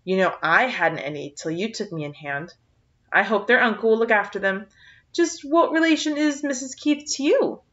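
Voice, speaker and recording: A woman's voice: fairly high pitch, expressive, moderate pace, a bit bright. A woman reading aloud voices an eager, imaginative teenage girl with an earnest manner, recorded on a dull lo-fi track.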